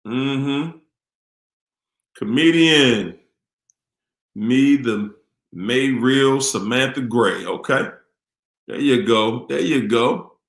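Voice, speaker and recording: A man's voice: medium pitch, extremely slow, long pauses. Man, live stream host, casual sign-off, upbeat, greets viewers by name, echoey room.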